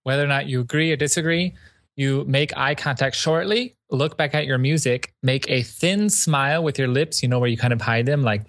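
A man in a casual chat giving wry, deadpan advice as an orchestral musician. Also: medium pitch, fairly quick.

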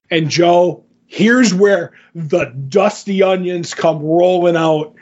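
A man with a high-pitched voice co-hosts a casual podcast and walks through a show's events in a lively, scene-by-scene retelling. The sound is muffled and lo-fi. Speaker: podcast co-host. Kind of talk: casual podcast chat recapping an episode.

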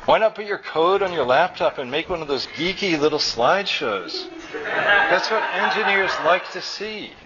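A man's voice: high voice, animated, moderate pace, pitched above the performer's own voice. A man reading aloud and voicing a worried, exasperated wife and mother who asks demanding, doubtful questions. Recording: dull recording with faint room noise.

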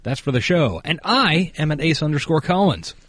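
Husky, lively-voiced male podcast host. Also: fairly high pitch, normal speed, no room sound. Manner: dry, teasing quips. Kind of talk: casual chat.

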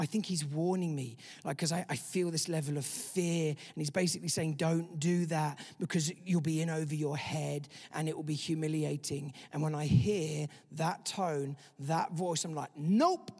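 A male pastor giving an animated sermon, acting out the inner voices he talks about. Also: high voice, husky, long reverb tail.

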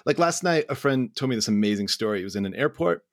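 A man's voice: medium pitch, expressive, fast talker, no echo, studio quality. A man hosting a podcast, telling an anecdote with enthusiasm and laughter. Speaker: podcast host. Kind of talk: casual podcast chat.

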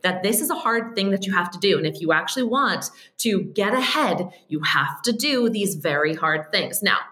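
A woman, a podcast guest, telling stories in a casual chat, animated and quick, often saying "like" and "um". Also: medium pitch, roomy sound. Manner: animated, quick storytelling with frequent "like" and "um".

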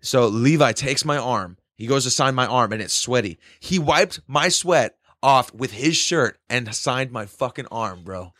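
An excitable young man chats casually, swearing often and jumping into loud outbursts as he tells his story. His voice sits mid-pitch. The sound is dry and close, with no room echo. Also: a little slow, hardly any pauses. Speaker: concertgoer telling a story. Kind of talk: casual chat.

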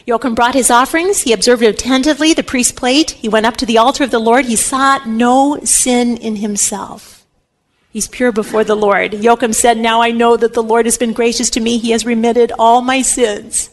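A woman with a fairly high voice teaches on faith in the manner of a storyteller. She speaks with animated energy and voices the people in her tale as she goes. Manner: animated storyteller acting out quoted lines. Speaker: Catholic teacher. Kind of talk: religious teaching talk, storytelling.

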